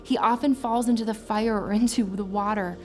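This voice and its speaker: A woman's voice: medium pitch, steady tone, a little fast, a little mellow. A young adult woman pastor preaching a sermon, earnest and emotional, rising into impassioned prayer. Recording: faint music behind.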